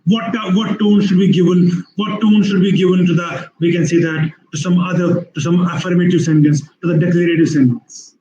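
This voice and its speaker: A male lecturer with an Indian English accent and a high voice that stays mellow. He explains patiently, repeating himself and restarting sentences. His webinar audio sounds muffled and roomy. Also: steady tone, fairly quick, hardly any pauses. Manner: repetitive, explanatory, many fillers and restarts. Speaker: university lecturer.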